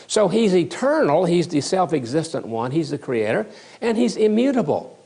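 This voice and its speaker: Animated male theology lecturer. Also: on the high side, normal speed, husky. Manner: emphatic, repeats key words for stress. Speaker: seminary lecturer.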